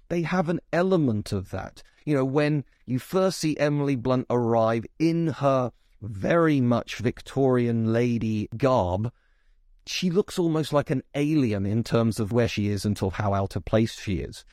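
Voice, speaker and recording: A man's voice: mid-range voice, lively intonation, a little slow, darkish tone, no room sound, clean studio sound. A man from England giving a casual spoken film review, chatty and full of asides and restarts.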